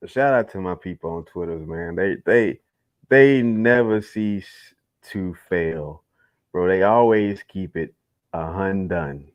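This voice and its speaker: A man's voice: deep voice, slow pace, dull audio. A young man hosting a casual livestream chat, laid-back, swearing freely and laughing often. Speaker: host.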